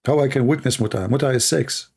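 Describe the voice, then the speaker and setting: A man answers viewers' questions on a casual live stream. His voice is dark, gravelly and worn hoarse. He talks bluntly, with sarcasm and a run of rhetorical questions. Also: medium pitch, fast. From Middle East. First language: Arabic. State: hoarse, tired voice. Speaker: Christian apologist, host answering questions.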